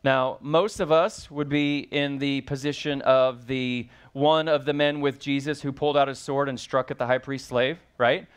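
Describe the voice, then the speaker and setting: A man's voice: medium pitch, fairly even intonation, normal speed, few pauses, smooth. A man preaching as pastor, reading scripture aloud and then explaining it with rising emphasis and questions to the congregation. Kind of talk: sermon.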